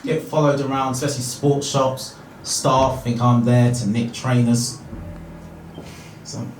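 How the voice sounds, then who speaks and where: A young man from Harlow with an Essex accent, performing a live stand-up set in an animated, sweary, self-mocking way. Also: medium pitch, slight background noise. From Harlow, Essex, England. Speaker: stand-up comedian. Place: small pub theatre room. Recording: echoey room heard from far off, loud audience laughter.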